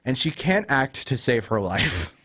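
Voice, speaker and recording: A man's voice: medium pitch, sing-song, a little slow, bright, forceful tone, breathy edge. A young man hosting a casual film review chat, ranting with exasperation about a character and retelling scenes. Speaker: host.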